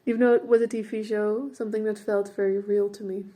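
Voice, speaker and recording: A woman's voice: medium pitch, level tone, fast talker, mellow. A young woman from the Netherlands, a native Dutch speaker, chatting casually about her portrait painting in a studio vlog, with lots of fillers and laughter, a bit out of breath.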